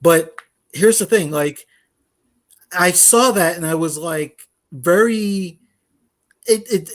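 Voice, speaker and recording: A young man co-hosting a casual gaming podcast, ranting animatedly with laughs and acted-out quotes. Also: a little high. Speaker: podcast co-host.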